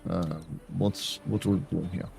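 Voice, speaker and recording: A man's voice: low-pitched, fairly even intonation, unhurried, gravelly, darkish tone, soft background music. A man streaming a building game, chatting casually and talking to viewers by name as he plays. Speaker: variety streamer. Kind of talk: casual gameplay commentary.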